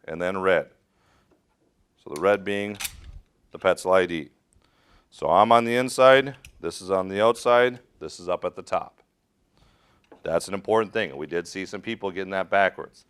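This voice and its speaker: A man's voice: low-pitched, fairly bright tone, smooth. A middle-aged man teaching a rope rescue class, direct and practical, quizzing his students as he demonstrates. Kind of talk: hands-on safety training talk.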